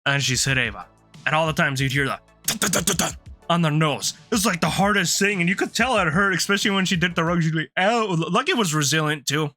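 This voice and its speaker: Rambling bright-voiced male streamer. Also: fairly high pitch, lively intonation, fast talker, soft background music. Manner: rambling, laughs often, restarts sentences. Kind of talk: casual storytelling on a livestream.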